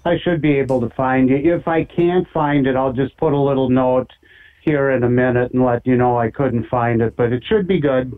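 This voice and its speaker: A man's voice: medium pitch, fairly even intonation, normal speed. A man with a Minnesotan accent calling in to a show, friendly and rambling with lots of fillers. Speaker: caller. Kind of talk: casual call-in chat. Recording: tinny phone line.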